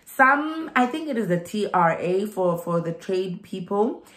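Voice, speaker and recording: A woman's voice: mid-range voice, very animated, measured pace, a bit bright, echoey room. A young South African woman with a South African accent giving migration advice in a chatty vlog, laughing and repeating herself for emphasis.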